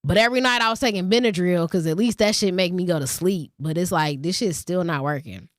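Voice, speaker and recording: A woman's voice: fairly low pitch, a little fast, no echo, studio quality. A woman vlogger who reads a short passage aloud, then rants casually and bluntly with plenty of swearing. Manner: profane, blunt storytelling with ranting asides. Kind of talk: casual storytelling vlog.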